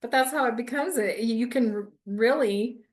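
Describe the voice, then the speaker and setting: Higher-voiced woman co-host. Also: moderate pace. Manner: supportive listener, brief affirmations. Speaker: podcast co-host. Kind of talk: casual chat.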